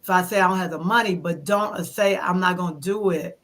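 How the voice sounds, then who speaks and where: Animated, bright-voiced woman in her fifties. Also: lowish voice, fairly quick. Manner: animated storyteller who acts out her own quoted thoughts. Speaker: interview guest. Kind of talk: conversational interview.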